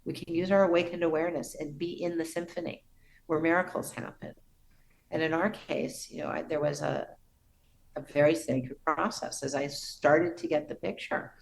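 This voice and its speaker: A middle-aged woman shares a personal story as a podcast guest, her voice low and touched with vocal fry. She speaks earnestly and reverently, sometimes restarting a phrase softly. A faint hiss sits under the recording. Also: fairly even intonation, normal speed, rough recording.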